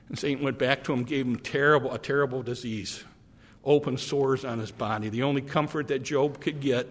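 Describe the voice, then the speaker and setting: A man's voice: mid-range voice, long reverb tail. A man preaching a sermon, emphatic and repetitive, often restarting his words. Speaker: pastor.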